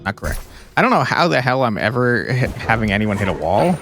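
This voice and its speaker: A man doing let's-play commentary on a martial arts game, barking quick moves and mock-insulting his own character. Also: medium pitch, big pitch swings, fairly bright tone. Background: game music.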